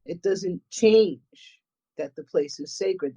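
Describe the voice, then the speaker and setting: A woman's voice: fairly low pitch, slow, dark tone, slightly rough. A woman with a New England accent, a guest paranormal investigator chatting casually and rambling, often repeating words and restarting. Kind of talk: casual chat. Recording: dull lo-fi audio.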